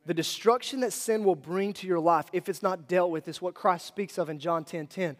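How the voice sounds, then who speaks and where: A man's voice: high voice, normal speed. Man preaching in a reverberant hall. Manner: conversational, animated storytelling with asides to the congregation. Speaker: pastor. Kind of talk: sermon with personal story. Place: church hall.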